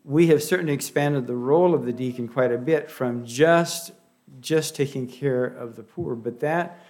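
This sermon comes from a man with a Pennsylvania Dutch accent whose folksy delivery is halting, full of fillers and frequent restarts, lightened by touches of humor. He speaks at a normal middle pitch, slightly mellow in tone.

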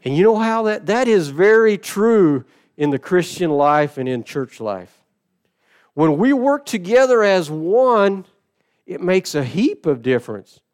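A middle-aged man delivers a sermon from the pulpit. His voice sits a little high for a man and stays smooth and resonant. He tells stories with dramatic drops to near quiet and bursts of loud emphasis. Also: big pitch swings. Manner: storytelling with dramatic shifts in loudness and slow emphatic phrasing. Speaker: pastor.

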